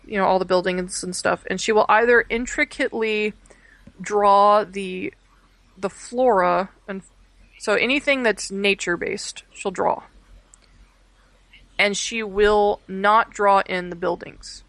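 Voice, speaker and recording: A woman's voice: medium pitch, steady tone, a little slow, gravelly, fairly bright tone, dry recording. A young woman, chatting casually and rambling through many fillers and restarts. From Texas. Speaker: podcast guest, art education student. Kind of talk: casual chat.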